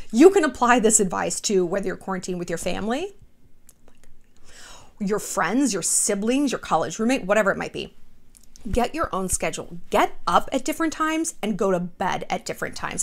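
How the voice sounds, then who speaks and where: A woman vlogger talking casually to her viewers in an animated, gossipy way, blunt and a little profane, with lots of "like.". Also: medium pitch. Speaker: vlogger host. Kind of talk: casual chatty commentary. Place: small city apartment.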